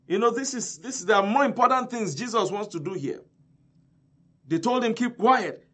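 High-voiced emphatic male preacher. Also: lively intonation, a little fast. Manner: emphatic, repeats key phrases, swings from loud to soft. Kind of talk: sermon.

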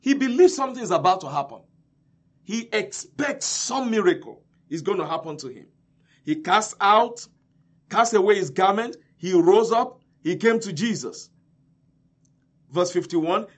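A male preacher delivering a sermon, emphatic and repetitive, swinging between loud and soft. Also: high voice, expressive, normal speed.

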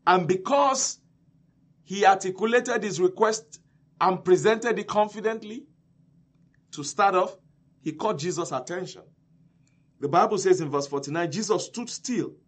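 A male preacher delivering a sermon, emphatic and repetitive, swinging between loud and soft. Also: sits high.

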